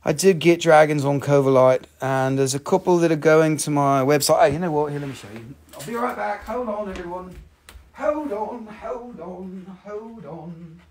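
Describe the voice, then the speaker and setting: A man hosting a live crystal sale, talking in an excitable, profane way with sudden jumps in pitch. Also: moderate pace, a little hiss or hum. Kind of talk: excited live sales chat.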